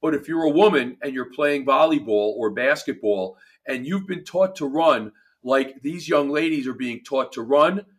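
A man's voice: medium pitch, normal speed, few pauses. A man with a New Jersey accent, a performance coach talking emphatically in a casual podcast chat, often restarting his phrases.

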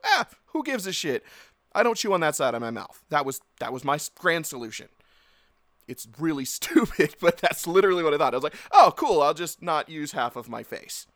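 Gravelly, animated man ranting solo. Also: mid-range voice, dry recording. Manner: blunt, sweary, animated. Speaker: podcast host. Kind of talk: solo casual rant.

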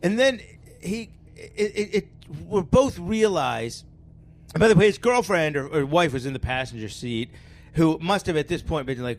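A man's voice: fairly high pitch, animated, moderate pace. A middle-aged man chatting casually on a podcast, rambling and self-mocking, telling stories with frequent laughs. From Philadelphia area. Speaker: guest comedian. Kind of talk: casual podcast chat, storytelling.

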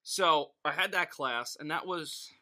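A young man co-hosting a podcast, telling stories in a rambling, animated way with lots of fillers. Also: on the high side, a little slow. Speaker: podcast co-host. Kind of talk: casual chat.

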